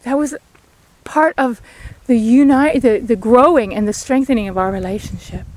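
A woman's voice: a little high, normal speed, a little mellow, slight background noise. A woman giving an outdoor devotional sermon beside a sheep paddock, in an earnest, pleading way of exhorting. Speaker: lay preacher.

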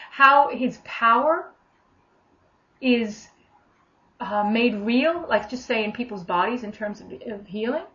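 A woman's voice: a little high, a bit bright. Chatty woman teaching on faith healing. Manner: conversational, repetitive, many fillers and restarts. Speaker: minister. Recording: dull lo-fi recording.

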